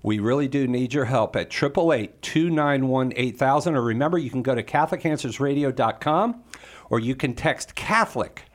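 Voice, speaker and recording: Man, radio apologist, fundraising appeal, urgent, pleading, mid-pitched voice. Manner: urgent, pleading, repeats phone number.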